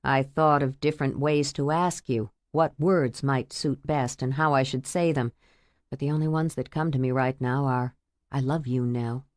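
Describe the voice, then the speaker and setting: A woman voicing an earnest, tender man in love who speaks quietly and steadily, in a romance audiobook. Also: moderate pace, dry recording, studio quality. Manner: quiet, steady, low-voiced. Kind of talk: audiobook character voice.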